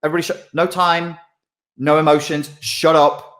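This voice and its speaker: A man's voice: fairly high pitch, level tone, moderate pace, fairly bright tone, voice pushed up, close to an everyday voice. A man putting on a barking, bossy reptile-brain commander. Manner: barking, abrupt orders.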